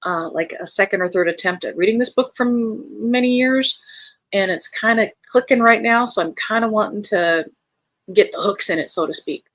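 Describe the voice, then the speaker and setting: A chatty woman with an American accent hosts a live reading stream and reads out viewer comments. Her voice sits at a middling pitch. The sound is close and dry, with no room in it. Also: moderate pace, no room sound. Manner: chatty, friendly, reads chat aloud with bright lifts. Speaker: livestream host of a reading sprint. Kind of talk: casual livestream chat, reading out viewer comments.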